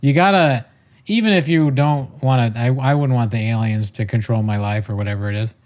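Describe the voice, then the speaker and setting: A man's voice: medium pitch, brisk, darkish tone. Easygoing man hosting a podcast. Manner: easygoing, laughs often, rambling. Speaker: podcast host. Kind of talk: casual chat.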